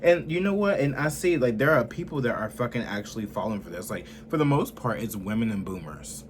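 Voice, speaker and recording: A man in his twenties rants heatedly and profanely through political commentary, veering from loud outbursts to low muttering. His intonation is lively and his pace brisk, with slight background noise.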